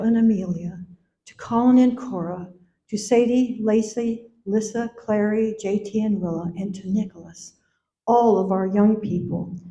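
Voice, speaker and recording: An older woman, a mother giving a eulogy at a memorial gathering, speaking slowly and tenderly, now and then singing a line softly. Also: mid-range voice. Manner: slow, gentle and tender, sometimes singing softly. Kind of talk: memorial speech. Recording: echoey hall, dull sound.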